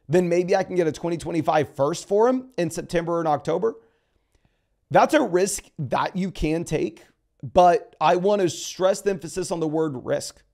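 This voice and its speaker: A man giving a casual solo breakdown of dynasty fantasy football, talking through trade advice with quick restarts. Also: a little high, a little mellow. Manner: fast, conversational, restarts sentences.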